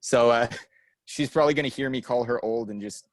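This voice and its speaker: A young adult man co-hosts a podcast, telling rambling stories in casual chat and laughing often. His mid-range voice moves briskly, and the recording is dry.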